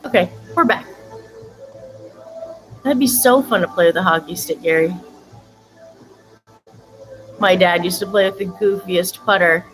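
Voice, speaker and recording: A woman's voice: on the low side, measured pace, long pauses, fairly bright tone, soft background music, low-quality recording. A woman fitness coach giving chatty, upbeat instructions during a live-streamed workout, laughing now and then between cues.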